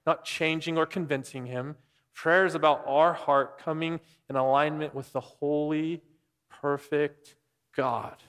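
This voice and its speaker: A man's voice: a little high, a bit bright, clear, resonant tone. A man preaching a conversational sermon, explaining scripture and asking the listeners questions. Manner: conversational, asks the room questions. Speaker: pastor. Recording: long hall reverb.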